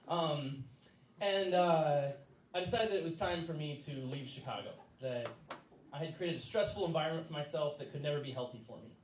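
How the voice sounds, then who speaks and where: A man's voice: a little high, brisk, slight background noise. Man telling a story on a live stage. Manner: casual, laughing, with many fillers. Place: stage in a small venue. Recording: echoey room from far off.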